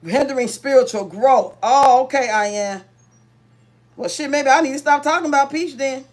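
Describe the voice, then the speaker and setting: High-voiced, chatty woman livestreamer. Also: normal speed. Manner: chatty, laughs often, reads out viewer comments. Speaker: livestream host. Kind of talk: casual livestream chat while cooking.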